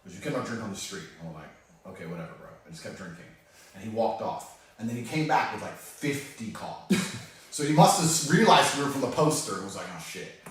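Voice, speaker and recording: A man telling a story in casual chat, animated, laughing often and swearing freely. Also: fairly low pitch, a little fast. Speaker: storyteller on a podcast. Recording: echoey room from far off.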